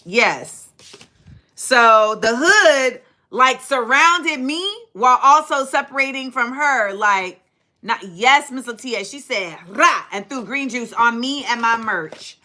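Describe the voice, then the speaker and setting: Animated, high-voiced woman telling stories. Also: slow. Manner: animated, dramatic retelling with acted-out quotes and laughter. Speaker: livestream host. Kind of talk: casual storytelling to a live chat.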